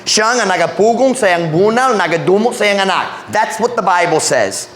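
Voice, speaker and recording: A male pastor preaching with a lively, swinging delivery and a slightly high voice. He moves between English and Cebuano as he preaches. The sound is roomy church echo with a faint hum of ambience behind it. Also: fairly quick. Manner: animated preaching that mixes English with Cebuano phrases. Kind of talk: sermon. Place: church sanctuary. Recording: echoey church room with faint ambient noise.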